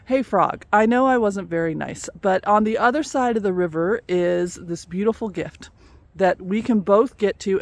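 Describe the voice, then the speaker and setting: A woman's voice: medium pitch, lightly acted. A woman voicing a touchy, resentful male scorpion in a fable, pleading and petulant in turn.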